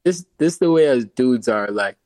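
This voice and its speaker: A young man tells a wild personal story in loose, slangy chat, laughing as he goes. His voice sits at an ordinary pitch and is recorded dry and close, with no room sound. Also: expressive, normal speed, darkish tone, no echo. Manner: slangy, laughing, says bro a lot. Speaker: guest storyteller.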